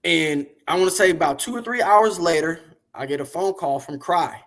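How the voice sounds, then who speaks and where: A man being interviewed, telling long, animated, profane stories about the music business in a casual way. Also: fairly high pitch, normal speed. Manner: animated, profane, rambling storyteller. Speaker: interview guest, music industry figure.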